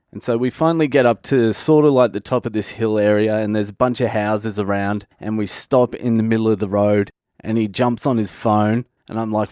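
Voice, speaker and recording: A man's voice: lowish voice, steady tone, moderate pace, a little mellow, dry recording, studio quality. A man in his thirties from Australia with an Australian accent, telling a comic story on his own podcast in a loose, profane way. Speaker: comedian podcast host.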